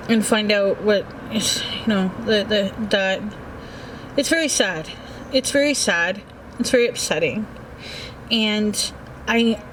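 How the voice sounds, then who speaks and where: A grieving, anxious woman talking haltingly, with many restarts and fillers, in a personal vlog recorded in a small book nook at home. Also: mid-range voice, a little hiss or hum, poor audio. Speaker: vlogger.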